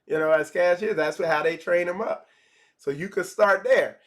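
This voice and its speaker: A man's voice: sits high, moderate pace. A man giving a casual livestream lesson, talking conversationally, repeating phrases and acting out small dialogues. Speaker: spiritual teacher.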